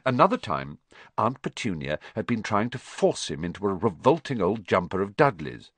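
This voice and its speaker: A man narrating a children's storybook audiobook with an expressive, dramatic reading. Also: on the low side, normal speed, breathy edge, dry recording.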